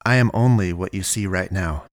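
A man voicing a quiet, calm young man who wears a mask. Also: low-pitched, moderate pace, no room sound, clean studio sound, close to an everyday voice.

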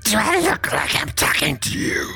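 A woman voicing a sinister, taunting clown with a husky, gravelly voice. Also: mid-range voice, huge pitch swings, normal speed, sharp tone, soft background music, heavily acted. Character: menacing cross-eyed clown lurking in a chapel.

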